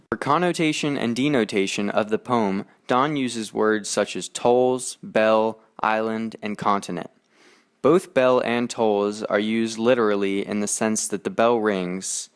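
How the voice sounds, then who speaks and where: A teenage boy reading his school poetry analysis aloud in a steady, earnest way, with small slips. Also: on the low side, clear, resonant tone. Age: teens. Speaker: student presenter.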